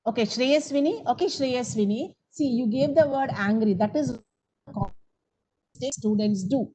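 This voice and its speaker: A woman's voice: a little high, animated, unhurried, mellow, breathy edge, low-quality recording. A woman teaching grammar in an online coaching class, coaxing students for answers and calling on them by name. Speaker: English teacher.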